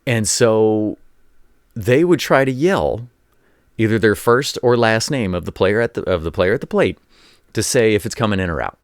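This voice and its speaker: A man with a fairly low voice talks through sports stories in a loose, rambling way, often doubling back on his words. His voice sounds dry and close, with no room around it. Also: animated, normal speed, no echo. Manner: rambling, repeats words, acts out quoted voices; former college coach telling anecdotes. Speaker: show host. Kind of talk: casual commentary monologue.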